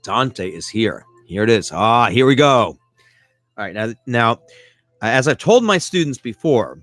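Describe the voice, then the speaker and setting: A man hosting a live podcast in a casual chat style, animated and self-mocking, and he keeps asking listeners for feedback. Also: mid-range voice, unhurried, no echo. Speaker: podcast host.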